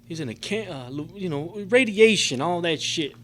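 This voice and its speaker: In a convention meeting room, a middle-aged recovery convention speaker shares a raw, profane personal story with his recovery group. His voice is a little high, with lively intonation and a moderate pace, and he wanders along, leaning on "man" and "you know."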